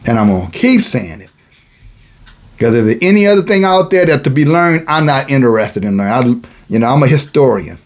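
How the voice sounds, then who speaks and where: A man's voice: mid-range voice, big pitch swings, fairly quick. A man preaching a sermon, mixing casual asides and chuckles with emphatic, rising passages.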